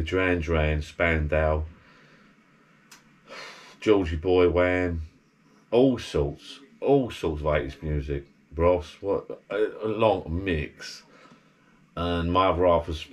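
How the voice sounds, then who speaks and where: A man rambling in casual chat from his backyard garden bar, drifting from topic to topic. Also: low-pitched. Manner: rambling, digressive, chatty. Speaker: vlogger.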